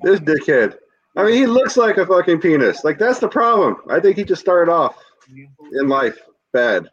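Male podcast co-host, heated and profane, animated delivery, lo-fi muffled audio. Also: fairly high pitch, normal speed. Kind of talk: casual podcast chat.

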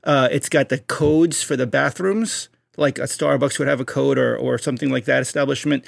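Male podcast co-host, gravelly, animated storyteller, dry close mic. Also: medium pitch, moderate pace, no echo. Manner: hypes stories up, acts out bits in jumpy voices.

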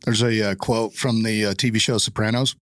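A man hosting a casual chat, speaking in a measured way and stating firm opinions. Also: on the low side, steady tone, dry recording.

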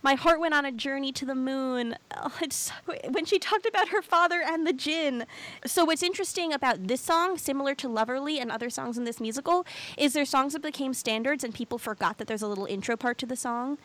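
A woman chatting casually with a co-host, recapping a musical and acting out lines in an animated way. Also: high-pitched, a little fast. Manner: animated, acts out quotes. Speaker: podcast co-host.

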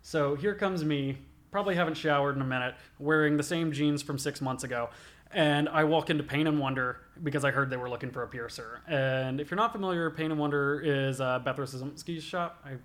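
A man's voice: on the high side, fairly quick, fairly bright tone. A young man, a body piercer, telling stories casually in an interview, swearing a lot and filling with "like". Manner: profane, rambling, many "like" fillers.

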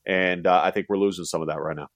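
A man's voice: low-pitched, steady tone, fast, dry recording, clean studio sound. A middle-aged American man, a college basketball analyst, talking animatedly in a casual podcast chat and acting out fans' voices. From United States.

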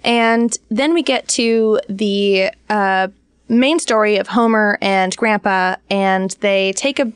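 A woman's voice: mid-range voice, slow, smooth, no room sound, studio quality. A woman co-hosting a podcast, talking casually with frequent laughs and hesitant fillers. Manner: giggly, hesitant with many fillers. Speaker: podcast co-host. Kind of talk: casual chat.

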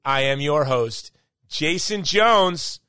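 Emphatic bright-voiced male podcast host. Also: a little high, animated, slow, dry recording, studio quality. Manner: emphatic, worked-up yet upbeat. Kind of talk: opinionated monologue.

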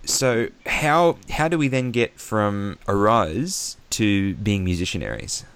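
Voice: mid-range voice, animated, slow pace, smooth, no echo. An interviewer asking questions and affirming answers attentively, with frequent murmurs. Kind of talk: conversational interview.

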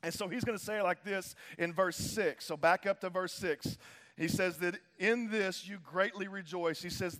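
A man's voice: sits high, moderate pace, a bit bright, in a large hall. A male pastor preaching a sermon in a casual, slangy way, repeating phrases for emphasis.

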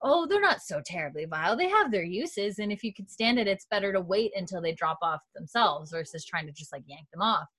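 A woman voicing a calm, practical woman healer in a matter-of-fact, soothing tone while recapping a show. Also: mid-range voice, a little fast, few pauses, breathy edge, dry recording.

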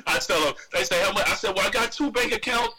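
A high-voiced man calls in and tells his story with lots of energy, slipping into the other people's voices as he goes. Loud crowd noise sits behind him. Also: quick pace, rough recording. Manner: acts out voices, laughs often. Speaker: caller. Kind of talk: animated storytelling.

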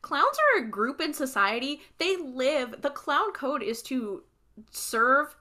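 Bright, joking woman co-host. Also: sits high, animated, slow pace. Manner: joking, emphatic, playful exaggeration. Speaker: podcast co-host. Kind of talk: casual chat.

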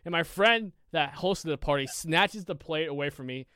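A podcast co-host telling a casual story, rambling with lots of fillers and swearing freely. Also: male voice, on the high side, normal speed, pushed and bright, smooth, dry recording, studio quality.

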